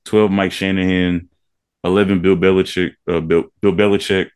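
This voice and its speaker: A man co-hosting a podcast in casual chat, reading out a long ranked list in an easygoing, steady drone. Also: deep voice, moderate pace, smooth. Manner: laid-back, reads a list in a steady drone. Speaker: podcast co-host.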